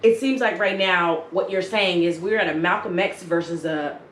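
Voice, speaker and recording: A woman's voice: on the low side, moderate pace, a little hiss or hum. A woman co-hosting a podcast, talking bluntly and emphatically with plenty of swearing in a heated casual discussion. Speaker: podcast co-host. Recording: echoey room with faint ambience.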